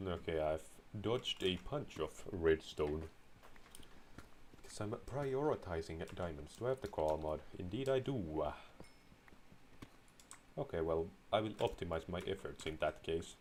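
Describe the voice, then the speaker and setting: A man's voice: low voice, expressive, measured pace, pauses often, a little mellow, slight background noise. A man streaming a game, rambling sarcastically in a mock-pompous put-on voice, close to his microphone. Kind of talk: casual gaming commentary. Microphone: close desk microphone.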